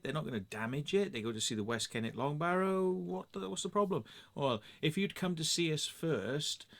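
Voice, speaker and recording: A middle-aged English man telling a story in a sweary, sarcastic, animated rant to camera. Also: mid-range voice. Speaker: vlogger. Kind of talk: casual ranting monologue.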